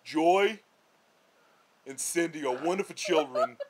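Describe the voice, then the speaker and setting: A man's voice: on the high side, expressive, slow, pitched above the performer's own voice. A man putting on the voice of a stern older mother theatrically scolding her grown son.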